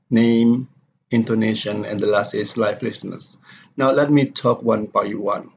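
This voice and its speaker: Gravelly man giving a pronunciation lecture. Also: medium pitch, a little hiss or hum. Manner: steady, reads example sentences aloud twice. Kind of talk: slide-based lecture. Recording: dull lo-fi recording.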